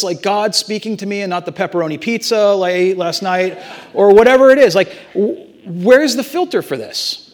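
Male pastor, light high voice, casual storytelling sermon delivery. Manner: conversational storytelling, animated asides.

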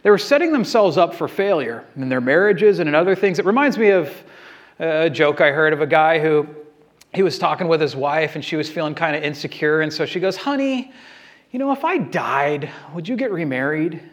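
A man's voice: fairly high pitch, fairly quick. A male pastor preaching a sermon in a conversational, self-deprecating way, using fillers and restarts.

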